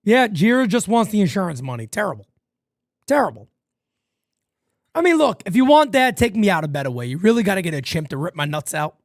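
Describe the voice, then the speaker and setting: A male livestream host calls a baseball game as fan play-by-play, animated and rambling off on tangents while swearing casually. His voice is high and fairly quick, and the recording is dry with clean studio sound.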